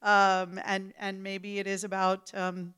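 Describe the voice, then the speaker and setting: A middle-aged woman speaking casually on a panel, relaxed, repeating words and adding playful asides. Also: medium pitch, slow pace, clean tone.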